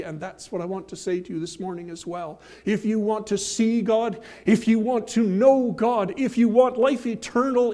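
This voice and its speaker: A man preaching a sermon, emphatic, slowing and swelling on key phrases, with folksy asides and homely examples. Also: sits high, warm tone. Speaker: pastor.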